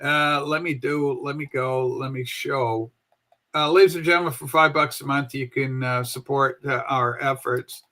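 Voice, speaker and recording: A woman's voice: rumbling low, fairly even intonation, moderate pace, a bit bright. A woman in her seventies hosting a livestream show, chatting in a rambling, folksy way and swearing casually.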